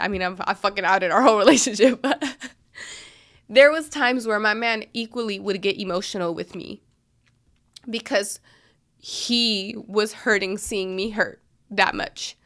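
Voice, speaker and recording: Bright-voiced woman podcaster, frank and profane. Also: mid-range voice, normal speed, long pauses. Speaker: podcast host. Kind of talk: candid personal storytelling.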